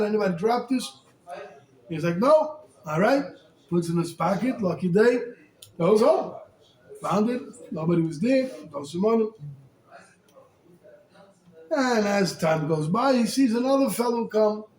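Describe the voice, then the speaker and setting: Animated high-voiced rabbi in an echoey room. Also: male voice. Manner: animated, colloquial, mixes Hebrew and Yiddish terms. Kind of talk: storytelling sermon. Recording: echoey room, faint ambience.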